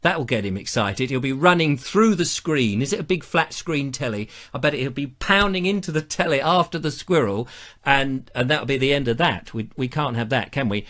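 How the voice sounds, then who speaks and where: Chatty man with a lively voice. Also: mid-range voice, moderate pace. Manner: chatty, rambling, self-mocking. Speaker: host of a live online show. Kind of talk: casual live chat reading viewer comments.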